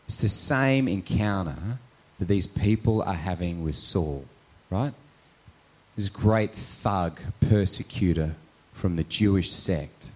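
An adult male pastor tells a story during a conversational sermon, frequently ending his points with "right?" His voice sits low and he speaks slowly.

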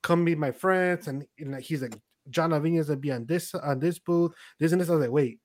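A man's voice: a little high, a little fast, a little mellow, no echo, studio quality. Laughing rambling male podcast host. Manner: laughing, rambling retelling with quoted voices. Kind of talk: casual podcast chat.

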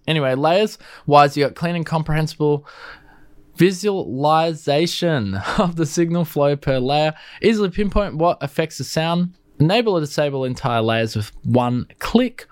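An Australian man with a blocked nose, chatting casually and rambling through a music software review, often restarting words mid-way. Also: a little high, no room sound.

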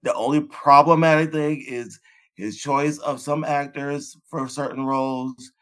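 A man's voice: on the high side, steady tone, measured pace, a bit bright. A man co-hosting a casual podcast who talks emphatically and bluntly and swears freely. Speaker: podcast co-host.

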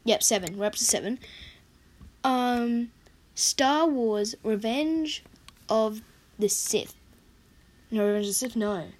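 Chatty young woman with a croaky voice. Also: fairly high pitch, slow, long pauses, darkish tone. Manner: rambling, chatty, self-correcting. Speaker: vlogger. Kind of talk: casual movie countdown chat.

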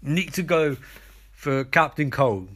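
A man's voice: on the high side, expressive, takes it slowly, a bit bright, slightly rough, exaggerated voice. A man doing an exasperated young hero. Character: young male superhero, earnest and exasperated.

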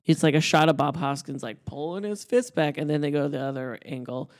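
A podcast co-host in casual chat about a film, relaxed, with dry humor, chiming in to finish the story. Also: mid-range voice, brisk, no echo.

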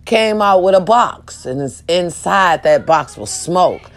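Woman vlogger, casual and profane, lowish voice, animated storyteller. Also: slow pace. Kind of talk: casual talk to viewers.

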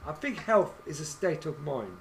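A man's voice: fairly high pitch, sing-song, moderate pace, vocal fry, a little hiss or hum. Rambling man in his sixties. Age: 60s. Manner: rambling storyteller, many restarts. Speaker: podcast co-host. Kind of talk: casual chat.

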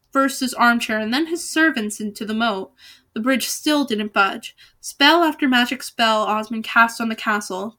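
Bright-voiced woman reading aloud. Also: fairly high pitch. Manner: casual, with small slips and restarts. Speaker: reader.

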